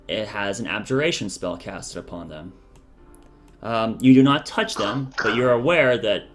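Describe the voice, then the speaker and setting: A man as dungeon master, reading riddle lines slowly and repeating them for his players. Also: mid-range voice. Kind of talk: running a tabletop game, reading riddle lines.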